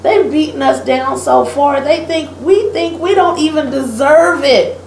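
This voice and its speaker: A woman's voice: high-pitched, measured pace, gravelly, a little mellow. A woman co-hosting a casual political chat, telling a story and acting out what others said, laughing often. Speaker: podcast co-host. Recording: echoey room with faint ambient hiss.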